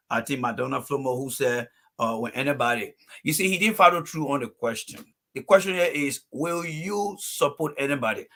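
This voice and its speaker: A man's voice: medium pitch, bright, forceful tone. A man from Liberia speaking on a call-in panel show, making his points emphatically and laying them out in numbered phases. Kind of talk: heated call-in panel talk.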